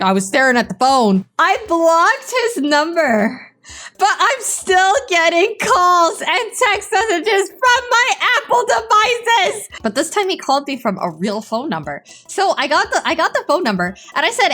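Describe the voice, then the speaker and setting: Animated young woman telling a story. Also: very high voice, a little slow. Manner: animated, dramatic, laughs often. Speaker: VTuber storyteller.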